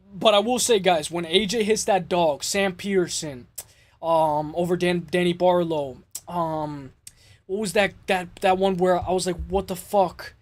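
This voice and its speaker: A man hosting a casual MMA show, breaking down fights in an excitable way, swearing and repeating himself. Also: sits high, dry recording. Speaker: MMA podcast host.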